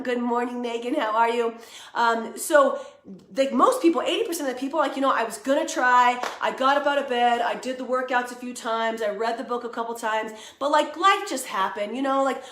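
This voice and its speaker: A woman's voice: a little high, a bit bright, roomy sound. Upbeat woman motivating viewers live. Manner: upbeat, chatty, greets viewers by name. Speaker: live video host and coach. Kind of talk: casual motivational live stream.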